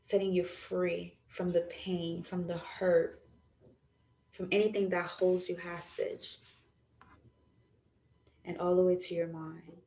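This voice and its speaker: A young woman hosting a podcast, her voice sitting low as she talks in a slow, soothing way. She stretches out her phrases like someone leading a guided visualization, and the sound carries a roomy echo. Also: flat delivery, creaky, mellow. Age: young adult. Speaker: podcast host. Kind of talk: guided visualization and reflective talk.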